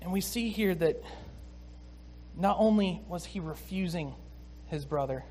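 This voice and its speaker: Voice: medium pitch, unhurried, dark tone, slight background noise. A preacher giving a sermon, explaining a scripture passage in a conversational, emphatic manner.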